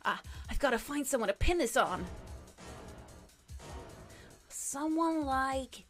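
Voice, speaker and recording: A panicked man plotting in secret, as a woman plays him mutters and hisses his schemes, then bursts out sharply. Her voice stays high, and game music is heard behind her. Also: lively intonation, slow. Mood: panicked scheming.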